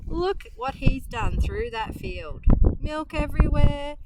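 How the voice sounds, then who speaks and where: A woman's voice: high voice, slow. A woman with an Australian accent reading a children's picture book aloud outdoors, with chatty asides to young listeners. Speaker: storyteller. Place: outdoors on a windy hillside. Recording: loud wind noise outdoors.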